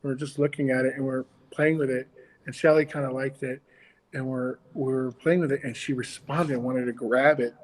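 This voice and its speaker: A man's voice: medium pitch, fairly even intonation, a little fast, in a large hall, poor audio. A man co-hosting a casual chat about children's ministry puppetry, talking in a rambling way with many restarts.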